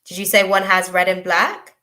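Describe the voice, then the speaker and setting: A woman's voice: mid-range voice, little pitch movement, normal speed, bright, forceful tone. A woman giving a live tarot reading, hesitant and chatty, with many fillers as she searches for words. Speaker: tarot reader.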